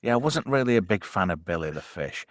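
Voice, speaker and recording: A man's voice: on the low side, big pitch swings, fast talker, no echo. A man hosting a casual live-stream chat, swearing a lot and reading out chat comments. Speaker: host.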